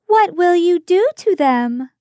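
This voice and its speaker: Woman putting on a timid young girl, very high and sweet, very slow, small pleading voice, storybook. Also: lively intonation, dark tone, no room sound, studio quality, heavily acted. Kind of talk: storybook character voice.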